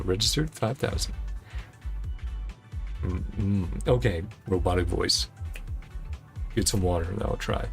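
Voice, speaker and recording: A man's voice: deep voice, measured pace, gravelly, pauses often, soft background music. A man streaming a video game, chatting casually and rambling with frequent chuckles. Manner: relaxed, rambling, chuckles often. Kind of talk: casual gameplay commentary.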